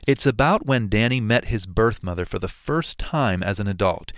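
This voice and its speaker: A man co-hosting a podcast, giving a measured, scripted storytelling read. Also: lowish voice, expressive, a bit bright, dry recording, studio quality. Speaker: podcast co-host.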